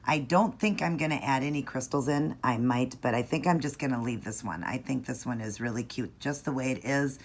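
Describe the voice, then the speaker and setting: Woman doing a nail tutorial, low-key, patient, kinda gravelly. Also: a little fast, few pauses. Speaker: nail art tutorial host. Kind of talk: step-by-step tutorial narration.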